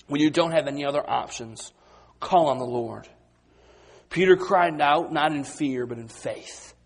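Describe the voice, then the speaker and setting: A man preaching a sermon, moving between quiet, low passages and loud, excited retellings of the disciples. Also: measured pace. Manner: dynamic, swings from quiet to loud and high when acting out the disciples.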